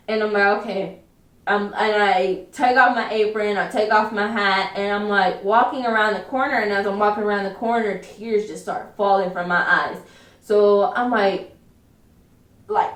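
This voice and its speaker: A young woman telling a personal story in a vlog, quick and emphatic, acting out what people said. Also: medium pitch, fairly even intonation. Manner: fast, emphatic retelling with acted quotes. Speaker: vlogger. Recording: roomy echo, mic at a distance.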